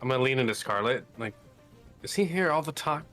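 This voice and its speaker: A man playing in a tabletop game, speaking at an even middle pitch. He stops and restarts often, feeling his way through each line. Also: faint music behind. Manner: hesitant, halting. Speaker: player.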